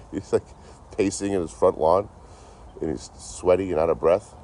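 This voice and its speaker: This is a man from Detroit, outdoors near a road, livestreaming through his phone as he rambles casually and swears a lot. His low-pitched voice has a dark tone and moves a little slowly, with slight noise in the background.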